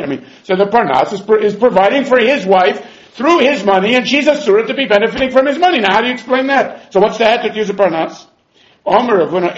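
Man, Talmud lecture, animated, high-pitched, echoey dull room sound. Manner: animated, argues both sides in quoted voices. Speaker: Talmud teacher.

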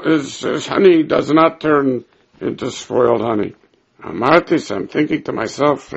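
This man's voice sits fairly high, with vocal fry and a slightly rough edge, captured in lo-fi sound. He teaches a Talmud class, reading passages aloud, explaining them in English, and acting out the people being quoted.

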